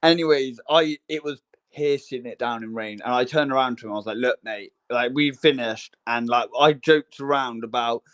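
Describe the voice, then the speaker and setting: A man's voice: mid-range voice, normal speed, fairly bright tone, smooth, highs cut off. A young man, co-hosting a casual chat and telling a long rambling story full of fillers and restarts. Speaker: podcast co-host.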